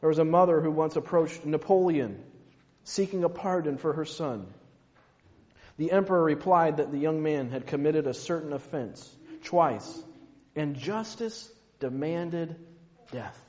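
A man preaching a sermon, slow and emphatic, dropping to a hush on key words. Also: on the high side. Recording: muffled, long hall reverb.

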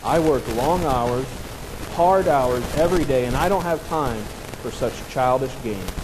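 A man doing a gruff tired father. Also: medium pitch, unhurried, background noise, lightly acted. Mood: angry. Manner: gruff, short-tempered. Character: tired, irritated working father.

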